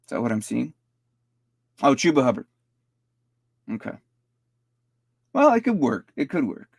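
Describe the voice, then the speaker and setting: A man with a gravelly, fry-laced voice at an ordinary middle pitch chats through a fantasy football roster review on a stream. He rambles loosely, tripping over and repeating words as he thinks aloud. The sound is close and dry, with no room around it. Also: big pitch swings, measured pace, dry recording.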